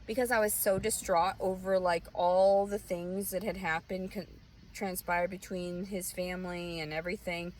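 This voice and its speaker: A woman's voice: fairly low pitch, level tone, normal speed, slight background noise, poor audio. A young woman, venting bitterly and profanely in a rambling personal monologue. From Southern US. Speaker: vlogger.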